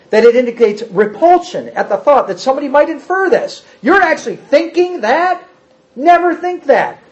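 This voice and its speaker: A man preaching a sermon, hammering points home through repetition and quizzing his congregation. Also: high-pitched. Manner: emphatic, repetitive, rises to forceful outbursts; asks the congregation questions. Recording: dull, muffled sound.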